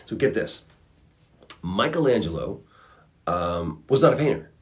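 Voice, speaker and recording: A man hosting a casual livestream, answering fan questions with reflective advice and animated storytelling. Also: on the low side, measured pace. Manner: animated storyteller acting out characters.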